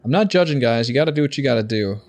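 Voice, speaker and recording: A man's voice: mid-range voice, animated, racing. A man streaming a video game, commenting casually, joking, swearing and talking to his chat. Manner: jokey, swears, talks to chat. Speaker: gaming streamer.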